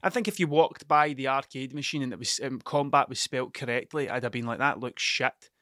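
Sweary, bright-voiced man rambling. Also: medium pitch, a little fast, dry recording, clean studio sound. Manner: sweary, rambling, self-mocking. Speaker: podcast host. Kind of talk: solo rambling monologue.

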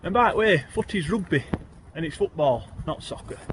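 Yorkshire man, somewhat high voice, reciting dialect poems with a bouncy rhyme; faint background noise. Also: expressive, moderate pace. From Yorkshire, England. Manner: lilting rhythmic recitation, broad dialect. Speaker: guest poet.

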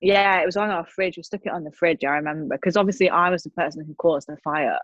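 A young woman chats with a slightly low voice, spinning an animated story and playing out each quote along the way. The sound is dull and dry, as if from a modest lo-fi mic with no room around her. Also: fast, no echo. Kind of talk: casual chat.

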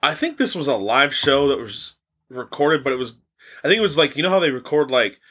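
A young man with a voice of ordinary pitch, chatting as a podcast co-host. He tells stories in a loose, rambling way, swears freely and often breaks into laughter. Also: lively intonation, a little fast, pushed and bright. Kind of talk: casual chat.

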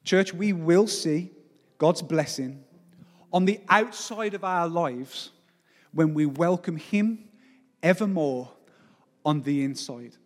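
A man's voice: fairly high pitch, slow pace, long pauses, big-room sound. A forty-year-old man preaching a sermon as pastor. He speaks with emphasis and often puts rhetorical questions to the congregation. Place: church service.

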